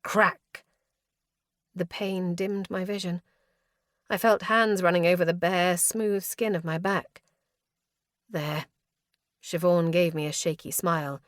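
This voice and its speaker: A woman's voice: lowish voice, fairly even intonation, measured pace, dry recording. A woman reading a first-person fantasy audiobook with a tense, dramatic delivery. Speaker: audiobook narrator.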